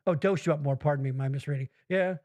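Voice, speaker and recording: A man with a high voice hosts a casual podcast chat. He rambles, swears freely and acts out other people's lines with bouncy put-on voices. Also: fast. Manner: rambling, profane, animated storytelling with put-on voices. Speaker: podcast host.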